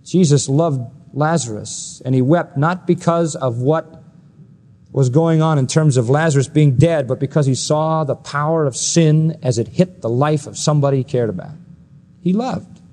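Male preacher, sermon delivery, emphatic, rhetorical questions, big pitch swings. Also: normal speed, dark tone. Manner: emphatic, asks the audience rhetorical questions, swings between high and low pitch.

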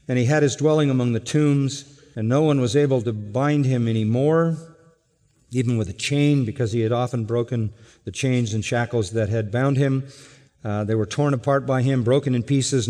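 A man's voice: mid-range voice, darkish tone. Man preaching in a reverberant hall. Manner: earnest, emphatic preaching with dramatic slow stresses. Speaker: pastor. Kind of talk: expository sermon.

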